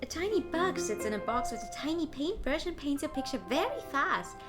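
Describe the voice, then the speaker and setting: A woman voicing a naive, prim young noblewoman bird in a video game, raising her voice higher and telling her story breathlessly. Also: big pitch swings, fairly quick, over music. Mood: excited.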